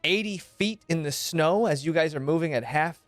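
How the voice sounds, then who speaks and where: A man narrating a tabletop game as game master in a calm, deliberate way. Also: a little high, no echo. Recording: dry close mic with faint music.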